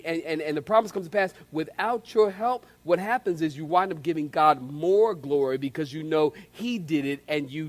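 A man preaching a sermon in an animated way, calling on the congregation to respond. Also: sits high. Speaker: pastor.

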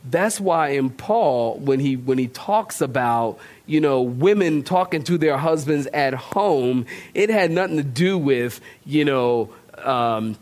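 A man's voice: mid-range voice, expressive, slow pace, few pauses, a little mellow. A male pastor preaching a sermon in a loose, conversational way, joking with the congregation.

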